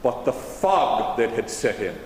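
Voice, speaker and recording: A man's voice: medium pitch, big pitch swings, a little slow, darkish tone. Man playing George Washington, formal eighteenth-century diction, echoey auditorium, long reverb. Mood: measured. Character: George Washington, stately formal elder statesman. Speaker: historical re-enactor. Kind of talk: in-character stage Q&A. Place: high school auditorium stage. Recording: echoey auditorium, faint hum.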